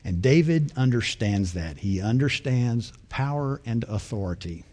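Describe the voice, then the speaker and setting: A man's voice: medium pitch, lively intonation, a little slow, dark tone. A man preaching a sermon in a conversational way, often asking his listeners rhetorical questions.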